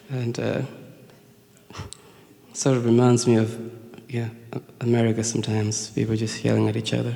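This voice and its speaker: Gravelly man from Kenya on stage. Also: mid-range voice, monotone, normal speed, mellow. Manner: hesitant, with many fillers and chuckles. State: nervous. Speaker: singer-songwriter performing live. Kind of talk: storytelling between songs on stage. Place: concert venue before an audience. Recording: long reverb of a live venue.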